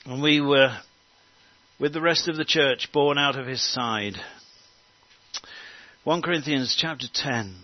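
A man preaching a sermon in an earnest way, pausing with fillers and restarting phrases. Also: medium pitch, dry recording, lo-fi sound.

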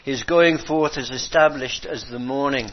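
A man preaching a sermon, halting and repeating himself, swinging from hushed to impassioned. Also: medium pitch. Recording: dull lo-fi recording.

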